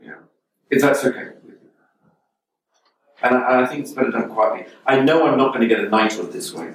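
A man's voice: mid-range voice, fairly quick, gravelly. A middle-aged English man chatting as an interview guest, telling rambling wry anecdotes with lots of restarts. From England. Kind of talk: casual interview chat. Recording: echoey room, distant mic, faint noise.

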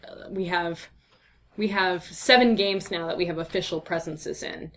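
This guest is a young woman fielding interview questions, chatty and upbeat, with plenty of fillers. Her voice sits on the low side at a moderate pace, sounding tired and slightly slurred after a full day of talking.

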